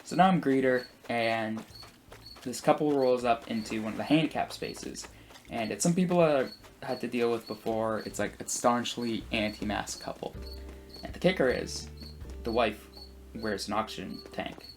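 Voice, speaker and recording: A man's voice: normal speed, faint music behind. Rambling young man telling a story. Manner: rambling, full of asides and fillers; acts out quoted people with big pitch jumps. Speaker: gameplay commentator. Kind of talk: casual storytelling while playing.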